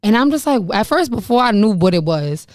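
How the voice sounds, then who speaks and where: A woman's voice: mid-range voice, big pitch swings, fairly quick, darkish tone, no room sound, clean studio sound. A young woman hosting her own podcast, telling her personal story candidly and frankly, swearing and laughing about painful memories. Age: young adult. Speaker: podcast host.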